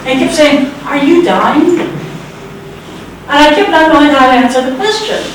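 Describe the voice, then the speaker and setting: A woman's voice: high-pitched, normal speed. A woman in her sixties telling a true story on stage with wry, sarcastic, self-mocking humor. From United States. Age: 60s. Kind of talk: live personal storytelling. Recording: very echoey hall, distant mic, background noise.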